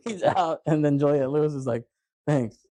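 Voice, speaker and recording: A man's voice: fairly high pitch, moderate pace, warm tone, no echo. A man hosting a podcast, casually retelling movie scenes and acting out the lines with frequent laughs. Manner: retells scenes in quoted voices, laughs often. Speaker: podcast host. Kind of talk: casual chat recapping a film.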